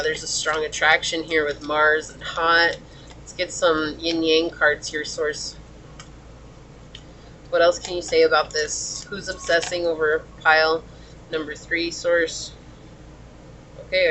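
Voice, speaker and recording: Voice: medium pitch, pushed and bright, a little hiss or hum, low-quality recording. A tarot reader giving a pick-a-card reading in a chatty, exclamatory way, calling out to spirit guides aloud.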